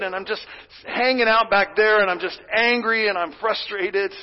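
A male pastor preaching a sermon with earnest feeling, swinging from loud pleading to hushed whispers. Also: sits high, long reverb tail, muffled recording.

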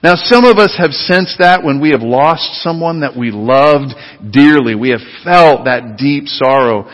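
A man preaching a sermon as pastor. He is emphatic and leads the congregation in repeating words, then sinks to low, quiet tones on key phrases. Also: measured pace, big-room sound, low-quality recording. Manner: leads the congregation in call-and-response repetition.

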